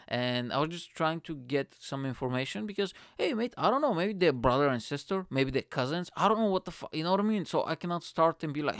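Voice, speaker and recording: A man's voice: a little high, expressive, a little fast, no echo, studio quality. A young man, a stand-up comedian, rambling impulsively and swearing as he tells a story on his podcast. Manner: impulsive, profane, rambling, lots of fillers. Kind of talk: casual storytelling chat.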